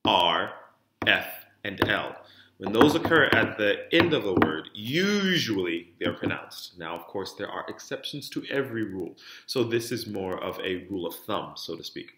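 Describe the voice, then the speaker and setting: A man teaching French diction in an online lesson, speaking each word clearly for students to repeat and stressing word endings. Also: fairly low pitch, pushed and bright, echoey room. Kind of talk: online lesson, modeling words for repetition.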